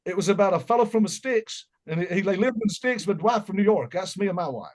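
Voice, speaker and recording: A middle-aged musician with a Southern accent, appearing as a guest in a casual interview, spins folksy, joking stories. His voice is high-pitched and darkish in tone, with lively intonation and a quick pace.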